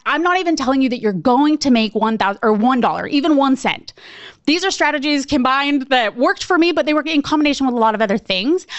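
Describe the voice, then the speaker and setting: A woman sales coach telling a story in a webinar, animated and acting out her own reactions. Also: high voice, dry recording. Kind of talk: storytelling presentation.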